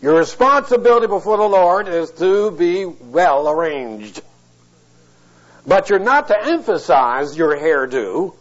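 A middle-aged man preaching an expository sermon, teaching word by word and breaking in with wry, blunt asides. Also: fairly high pitch. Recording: dull lo-fi tape recording.

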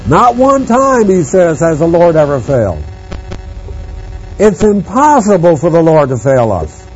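Male preacher, bible sermon, slow deliberate delivery, slightly high voice, dull lo-fi sound with hum. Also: sing-song. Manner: slow, deliberate preaching, reading scripture aloud. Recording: dull lo-fi sound with mains hum and faint music.

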